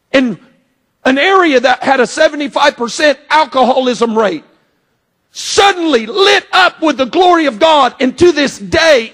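A middle-aged male preacher whose voice sits very high for a man. He preaches with fervor, breaking into shouts and then dropping low and quiet. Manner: impassioned, often shouting, dramatic swings in volume. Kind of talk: sermon.

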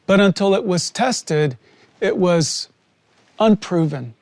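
High-voiced earnest male preacher, dry sound. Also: animated, vocal fry, darkish tone, no room sound. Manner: earnest, slow and emphatic with long pauses. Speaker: preacher sharing testimony. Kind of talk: sermon testimony.

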